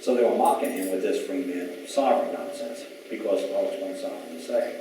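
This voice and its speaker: A man's voice: deep voice, quick pace. Man lecturing emphatically in an echoey hall. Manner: emphatic, retells exchanges in quoted voices. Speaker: speaker at a public talk. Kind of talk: storytelling lecture to a live audience. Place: large echoey event hall. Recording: echoey hall from far off, faint hiss.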